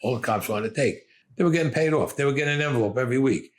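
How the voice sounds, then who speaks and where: A man's voice: mid-range voice, racing. An older man with a Brooklyn accent, bluntly telling stories from his youth in an interview, full of swearing. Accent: Brooklyn New York. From Brooklyn, New York. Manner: blunt, gruff, swears often. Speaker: interviewee recounting his past. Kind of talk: profane storytelling interview.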